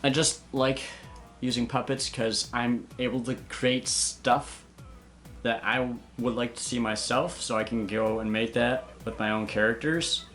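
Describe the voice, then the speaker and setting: A man's voice: mid-range voice, steady tone, a little slow, fairly bright tone, soft background music. A young man, a puppeteer, casually answering viewer questions in a candid, chatty way. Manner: candid, chatty, hesitant fillers. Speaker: puppeteer and video maker. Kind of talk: casual Q and A vlog.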